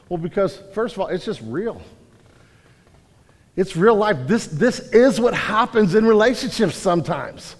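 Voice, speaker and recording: Animated high-voiced male pastor. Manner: animated, acts out quotes loudly. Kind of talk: sermon. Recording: hall reverb.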